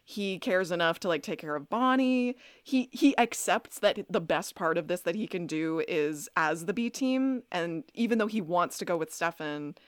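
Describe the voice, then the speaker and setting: Excitable woman podcast co-host, dry sound. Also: on the low side, normal speed, few pauses, smooth, no room sound. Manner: excitable, laughs often, many "like" fillers. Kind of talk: casual recap chat.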